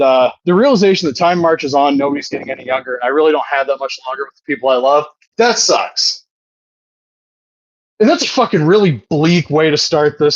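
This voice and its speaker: A man's voice: on the high side, dry recording, muffled recording. A man in his thirties co-hosting a podcast, chatting casually, rambling and swearing, often laughing. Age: 30s. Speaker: podcast co-host. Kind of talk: casual chat.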